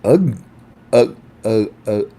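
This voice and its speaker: A man's voice: on the low side, lively intonation, slow, warm tone, husky. A man hosting a casual livestream, chatting with viewers in a playful, joking, rambling way. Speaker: livestream host.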